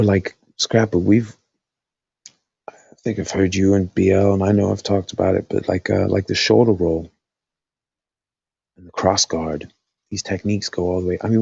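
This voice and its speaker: A man's voice: deep voice, fairly even intonation, moderate pace, creaky, pauses often, a little mellow, slightly rough, dry recording, muffled recording. A man hosting a casual live stream, thinking aloud with lots of fillers, his voice dry after talking all night.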